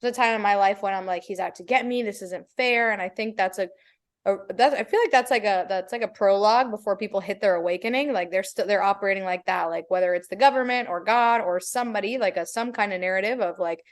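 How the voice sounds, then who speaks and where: A woman's voice: medium pitch, fast. A woman hosting a podcast, talking casually and expressively with playful asides. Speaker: podcast host. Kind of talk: casual spiritual chat.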